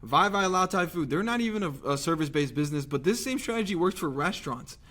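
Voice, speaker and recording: Young man, fairly high voice, energetic sales pitch, conversational, rhetorical questions. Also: fast. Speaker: marketing agency owner pitching local businesses. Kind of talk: direct-to-camera sales pitch.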